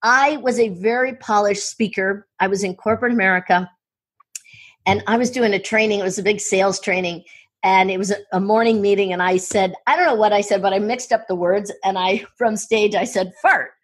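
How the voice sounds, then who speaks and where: A woman speaking coach telling stories in an interview, excitable and full of quick restarts and asides. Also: mid-range voice, breathy edge. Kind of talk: enthusiastic interview storytelling.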